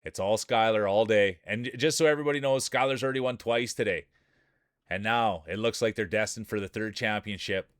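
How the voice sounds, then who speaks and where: A man with a fairly low, smooth and resonant voice calls the action like a sports commentator, playful and excitable as he hypes up players and cracks jokes. The sound is close and dry, with no room around it. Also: fairly quick, no echo. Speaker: streamer and game commentator.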